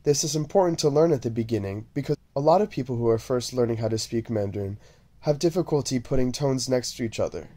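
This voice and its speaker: A man teaching a language lesson, speaking slowly and deliberately and repeating syllables over and over for the listener to copy. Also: medium pitch, warm tone. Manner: drawn-out, repeated syllable drills. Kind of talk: slow, deliberate lesson narration.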